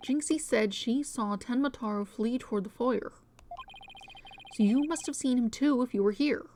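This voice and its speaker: A woman's voice: a little high, normal speed, darkish tone, slight background noise, lightly acted. A woman reading an earnest young lawyer. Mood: pressing. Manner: blunt, exasperated questioning.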